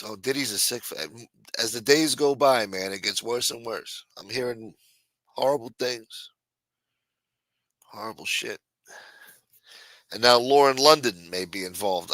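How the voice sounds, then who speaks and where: A man's voice: lowish voice, bright, forceful tone, no room sound. A man hosting a casual live stream, rambling and swearing, reading chat aloud and acting out quotes in a raised voice.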